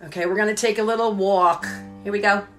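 A woman's voice: mid-range voice, steady tone, brisk, soft background music. A woman teaching children's songs on a live stream, cheerful and sing-song, breaking into songs and silly sounds. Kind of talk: singing songs and chants for kids on a live stream.

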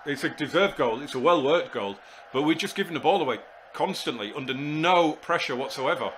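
Gamer guy narrating his football manager match, fed up and chatty, yells at big moments, bit of faint hiss behind him. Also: on the high side, brisk. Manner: exasperated, talks to himself, bursts into shouts at goals. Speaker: gaming YouTuber. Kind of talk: live commentary on a football management game.

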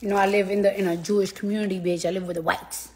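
A woman's voice: mid-range voice, level tone, very fast, slight background noise. A tired woman rambling casually and profanely on a live stream from her phone, repeating herself as she talks to fans.

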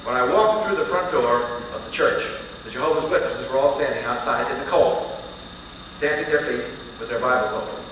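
A man preaching and telling a story in a dramatic, animated way. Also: mid-range voice, a little fast. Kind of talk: sermon storytelling. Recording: echoey hall recording from far off, with hiss.

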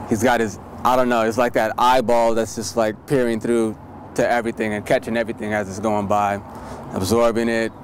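A man's voice: on the low side, slight background noise. A man from Seattle reminiscing in a loose, rambling interview, often asking "you know what I mean".

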